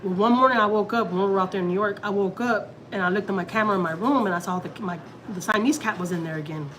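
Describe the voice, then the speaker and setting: A woman's voice: mid-range voice, fast talker, fairly bright tone, a little hiss or hum, poor audio. Chatty woman vlogger from Texas. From Houston, Texas. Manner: rambling and emotional, many restarts and "like"s. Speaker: family vlogger. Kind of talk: casual personal chat.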